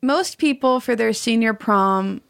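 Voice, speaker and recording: A woman podcast guest with a gravelly, creaky edge, telling a story with wry amusement. Her sound is close and dry, with no room echo. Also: fairly high pitch, measured pace. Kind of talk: casual podcast chat.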